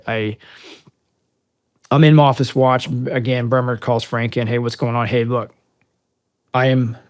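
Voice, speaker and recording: Middle-aged American veteran guest, gravelly mid-pitched voice, loose conversational storytelling with fillers. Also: male voice. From United States. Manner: conversational, many fillers, acts out quoted dialogue. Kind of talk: casual interview storytelling.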